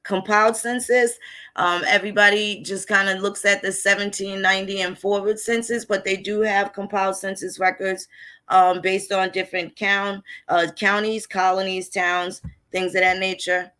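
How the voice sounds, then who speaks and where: A woman's voice: medium pitch, level tone, normal speed, sharp tone. A woman hosting a casual history talk, walking through old records in a blunt, profane, conversational way. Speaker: history channel host. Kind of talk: casual lecture over on-screen records.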